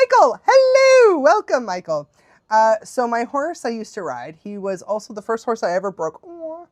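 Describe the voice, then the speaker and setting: A woman, a dog trainer chatting casually on a livestream Q&A. She laughs often and acts out quotes in high, playful voices. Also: darkish tone, no echo.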